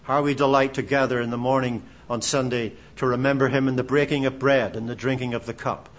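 A man's voice: mid-range voice, little pitch movement, brisk. A man from Canada preaching a sermon, impassioned, asking rhetorical questions and repeating phrases for emphasis.

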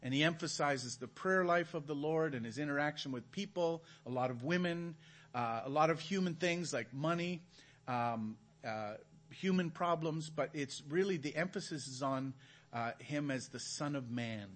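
A man's voice: a little high, moderate pace, a bit bright. A man preaching at a chapel, teaching from the Gospels in a conversational way and putting questions to his listeners. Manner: asks the audience questions, conversational. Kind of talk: Bible teaching. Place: church hall.

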